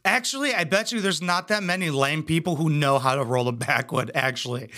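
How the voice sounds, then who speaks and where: A man's voice: a little high, fairly quick, bright, forceful tone. A young man hosting a reaction commentary, crude, sarcastic and mocking as he talks over clips. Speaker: commentary host.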